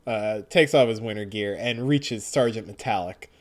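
A man's voice: on the low side, moderate pace. A man co-hosting a casual comic read-through, narrating with wry, laughing commentary. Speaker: podcast co-host.

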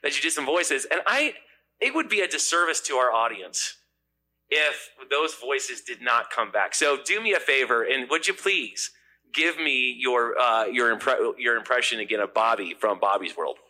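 A man's voice: mid-range voice, animated, moderate pace, sharp tone, low-quality recording. A middle-aged man hosting a podcast in casual chat, joking and rambling with restarts. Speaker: podcast host.

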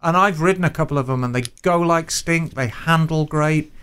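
A man with a rather high, smooth and resonant voice, hosting a casual podcast. He answers listener emails with clear enthusiasm. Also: normal speed, fairly bright tone. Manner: enthusiastic, fond of motorbikes. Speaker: podcast host. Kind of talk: casual chat.

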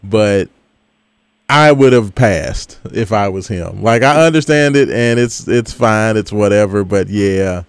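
A man's voice: fairly low pitch, measured pace, clean tone, no echo. Laid-back man in casual sports banter. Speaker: sports podcast co-host. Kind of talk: casual chat.

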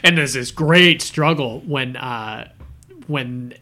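A man co-hosting a casual movie podcast, retelling film scenes with lively acted-out bits. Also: medium pitch, slow pace. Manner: animated storyteller acting out scenes. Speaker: podcast co-host.

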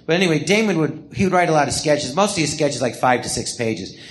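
Older male host, slightly high voice, rambling live-podcast storyteller who acts out the quotes. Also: animated, fast talker. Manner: rambling anecdotes with restarts and acted-out quotes. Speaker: podcast host telling memoir stories. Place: podcast theatre before a live audience.

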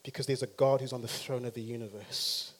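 A man preaching a sermon who talks straight to the congregation and swings from quiet to loud and emphatic. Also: mid-range voice, steady tone, a little fast.

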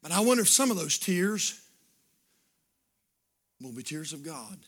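A man pastor, preaching a sermon that swings from shouted fervor to hushed pleading in an altar call. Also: on the high side, very animated, measured pace, husky.

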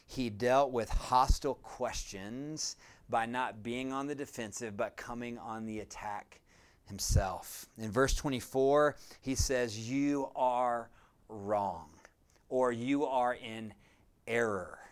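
Male pastor, smooth resonant voice, earnest sermon delivery, repeats key points for emphasis. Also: mid-range voice. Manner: earnest preaching with emphatic repetition.

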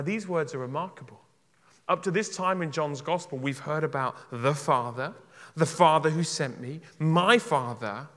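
A man preaching with passion in a church, his fairly high voice trailing off into a long hall reverb. He swings from loud, urgent calls to hushed, tender pleading. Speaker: pastor. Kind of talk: sermon.

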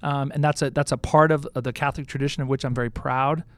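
A man, a Catholic priest, speaking as a podcast guest in a measured, earnest way with the odd light joke. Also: medium pitch, fairly even intonation, dry recording. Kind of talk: conversational podcast interview.

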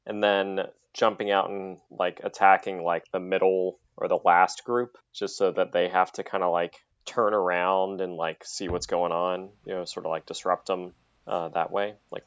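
A man's voice: sits low, flat delivery, moderate pace, no echo, lo-fi sound. A man playing a tabletop game, talking through tactics in a rambling way full of fillers. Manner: rambling, loaded with "like". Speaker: player.

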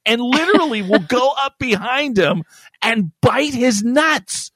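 A woman's voice: a little high, very animated, unhurried, no echo, clean studio sound. A woman co-hosting a podcast in casual banter, crude, joking and irreverent. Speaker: podcast co-host.

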